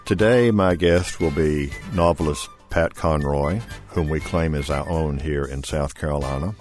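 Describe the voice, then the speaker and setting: A man hosting a radio program, introducing and interviewing a guest in a measured, formal way. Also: a bass voice, a little mellow, soft background music. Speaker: radio host.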